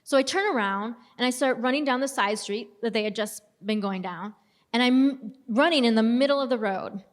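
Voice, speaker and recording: A woman's voice: fairly high pitch, normal speed. A young adult woman telling her own story as a personal testimony, casual and storytelling, with self-deprecating humor. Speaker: speaker giving a testimony. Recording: long hall reverb.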